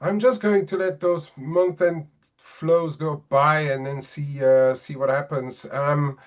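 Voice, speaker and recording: A man with a slightly higher voice talks casually and hesitantly about his trades, full of pauses and fillers. His voice comes through muffled, lo-fi call audio. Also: steady tone. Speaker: trader guest. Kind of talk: live market webinar chat.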